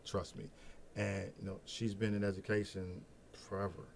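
A middle-aged man from Peoria, speaking as a guest in a casual podcast interview, an animated storyteller who laughs as he talks about his family. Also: low voice, moderate pace, slight background noise. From Peoria, Illinois. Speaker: guest, Head Start program director.

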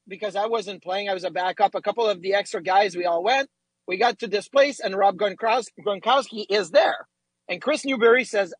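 A middle-aged man co-hosting a sports talk show, telling lively stories and acting out quotes. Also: high-pitched, moderate pace, slightly rough, no room sound, low-quality recording. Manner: animated storyteller, acts out quotes. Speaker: radio co-host, former goalie. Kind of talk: casual sports talk, storytelling.

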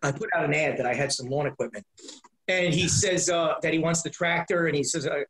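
A man's voice: on the high side, a little fast, fairly bright tone, rough recording. A man, a comedian known for prank calls, talking as a guest in a casual interview, rambling with lots of restarts and repeated words.

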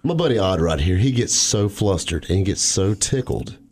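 A man's voice: deep voice, expressive, moderate pace, a little mellow. A man co-hosting a radio show, chiming in with enthusiastic casual banter. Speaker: radio co-host.

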